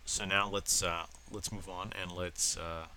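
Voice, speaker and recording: Male teacher getting over a cold, nasal and low-pitched, walks through problems step by step. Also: flat delivery, measured pace, sharp tone, a little hiss or hum, rough recording. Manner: plain step-by-step explaining with fillers. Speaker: math teacher. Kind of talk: recorded lesson working through problems.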